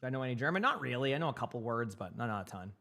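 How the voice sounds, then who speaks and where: A young male streamer with a light Boston accent chats casually with his viewers. He rambles and stumbles over repeated words as he answers questions from chat. His voice sits at an ordinary middle pitch. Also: very animated, rapid-fire, creaky, bright, forceful tone. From Massachusetts.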